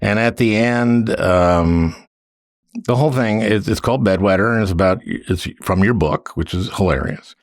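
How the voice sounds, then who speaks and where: A man hosting a casual interview in a wry, halting way, with frequent restarts. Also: lowish voice, no room sound, studio quality. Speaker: podcast host.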